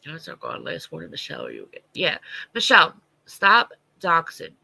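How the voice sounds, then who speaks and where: Gravelly, sharp-voiced congested man. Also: a little high, wildly swooping pitch, moderate pace, no echo, rough recording. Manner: responds to viewer comments, blunt and profane. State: congested, stuffy nose. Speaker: livestream host. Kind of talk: casual livestream chat.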